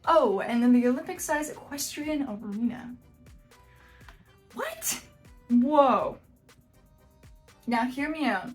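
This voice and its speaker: A woman hosting a casual reaction vlog, jokey, animated and self-deprecating. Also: high-pitched, normal speed, few pauses, faint music behind. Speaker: video host.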